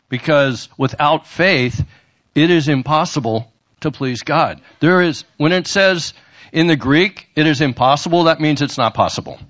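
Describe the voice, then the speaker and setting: A man's voice: on the high side, fairly bright tone, lo-fi sound. A man preaching a sermon after a testimony, emphatic and punchy, repeating his points for force. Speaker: pastor.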